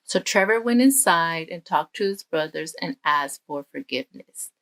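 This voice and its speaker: A woman's voice: deep voice, animated, moderate pace, creaky. A woman giving a children's message at church, telling a story and speaking straight to the children. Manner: warm, direct address to children.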